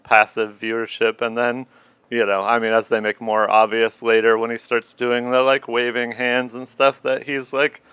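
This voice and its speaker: A man's voice: medium pitch, little pitch movement, normal speed, fairly bright tone, smooth, dry recording. A man in a casual film discussion, talking in a laid-back, rambling way.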